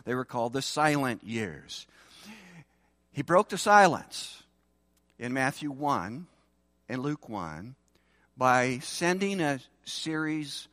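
Male pastor, slow deliberate sermon delivery, dry close sound, swings from forceful to hushed. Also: no echo. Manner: expressive preaching, swinging between loud emphasis and hushed lows.

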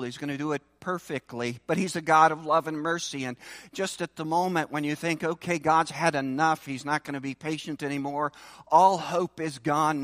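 A man preaching a sermon, moving between loud, emphatic lines and hushed, low passages. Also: no room sound. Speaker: pastor.

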